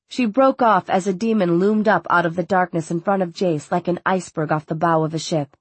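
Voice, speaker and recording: A woman narrating a novel in a steady, measured audiobook style. Her voice is slightly husky and sits a little low. The recording is dry and close. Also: no echo. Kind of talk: scripted narration.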